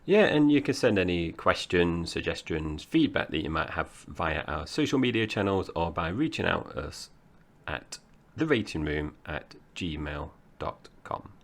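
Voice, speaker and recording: A man's voice: deep voice, sing-song, unhurried. A man in his forties from Essex with a Cockney-tinged accent, co-hosting a casual film podcast and rambling chattily with frequent laughs. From Essex, England. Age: 40s. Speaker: podcast co-host.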